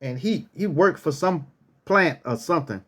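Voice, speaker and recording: A man's voice: fairly high pitch, animated, normal speed, a bit bright. A man casually telling a personal story, acting out what people said and repeating phrases for effect.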